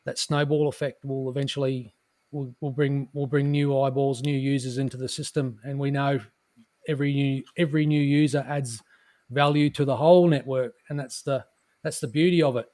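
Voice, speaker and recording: A man on an online call, rambling casually with lots of repeated words and trailing, quieter asides. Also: steady tone, moderate pace, dry recording. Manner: rambling, repeats words, drops his voice low. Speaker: guest on a crypto stream. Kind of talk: casual chat.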